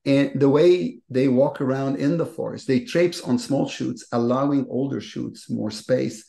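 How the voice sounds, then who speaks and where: A man speaking as the guest economist in a webinar interview, explaining at length in an animated way and posing rhetorical questions over a video call. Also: mid-range voice, unhurried, gravelly. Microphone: video call microphone. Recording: echoey room on a video call.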